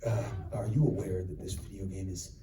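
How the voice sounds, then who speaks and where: A man voicing a timid, polite male video game store clerk who speaks in a hesitant hush. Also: low voice, fairly even intonation, brisk, pitched below the performer's own voice, lightly acted. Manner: hesitant, hushed. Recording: echoey hall from far off.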